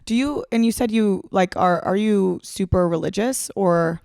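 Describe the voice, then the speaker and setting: A woman's voice: mid-range voice, normal speed, vocal fry, a little mellow, dry recording, clean studio sound. A woman hosting a podcast, chatting casually, laughing along and asking follow-up questions. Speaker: podcast host.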